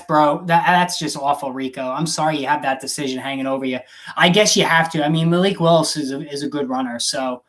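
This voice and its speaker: A man's voice: fairly high pitch, a bit bright. Blunt casual fantasy football host man. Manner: blunt, swears, reads chat questions aloud. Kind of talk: casual live-stream chat.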